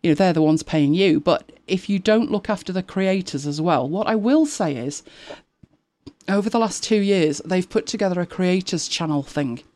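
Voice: medium pitch, normal speed, a little mellow, no echo. A host of a tech live show chatting casually, rambling with frequent restarts and exasperated asides. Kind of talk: casual chat.

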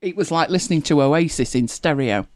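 A woman's voice: low voice, a little fast, darkish tone, dry recording, clean studio sound. A woman, co-hosting a casual chat and telling stories with laughing asides. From northern England. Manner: chatty storytelling, lots of laughing asides. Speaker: co-host.

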